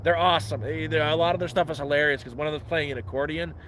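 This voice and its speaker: A man's voice: a little high, steady tone, fast talker, fairly bright tone, a little hiss or hum. A man hosting a casual live stream outdoors in the woods, giving frank, profane advice, talking into a phone as he walks around his camp. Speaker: livestream host living outdoors.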